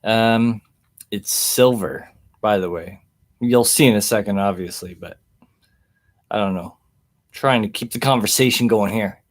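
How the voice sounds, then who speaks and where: A man's voice: on the low side, a little slow, long pauses. A man chatting casually on a livestream, rambling and easygoing as he reads the chat, recorded through a webcam mic indoors. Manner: rambling and easygoing, chuckles often.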